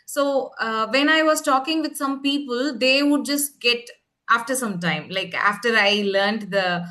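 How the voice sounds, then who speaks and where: A woman from Tamil Nadu speaks in an earnest, polite way as a guest in a casual interview. She is a teacher and calls her host ma'am, and her voice sits somewhat high. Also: a little slow, sharp tone. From Tamil Nadu, India. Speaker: schoolteacher working abroad, interview guest.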